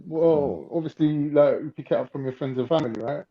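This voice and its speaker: A man's voice: a little high, fairly quick, muffled recording, a crowd in the background. A man with a North London accent in casual chat, telling stories animatedly.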